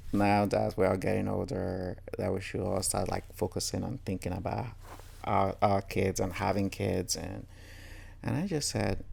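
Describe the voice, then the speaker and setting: Low, creaky, and darkish in tone, this man's voice carries reflective personal stories. He's a storyteller from Nigeria, candid and earnest, who frequently relays other people's words in reported speech.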